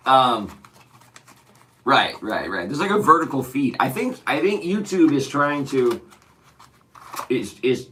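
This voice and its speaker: Hoarse, shaky-voiced man rambling to chat. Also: mid-range voice, a bit bright, a little hiss or hum. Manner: rambling, profane, talking to chat. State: hoarse, shaky voice after singing. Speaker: livestreamer. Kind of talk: casual live-stream chat. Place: sitting in a bathroom.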